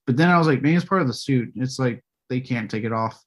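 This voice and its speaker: Man co-host, loose movie chat, swears a lot, laughs, does quick character lines. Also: mid-range voice. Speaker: podcast co-host. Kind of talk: casual movie discussion.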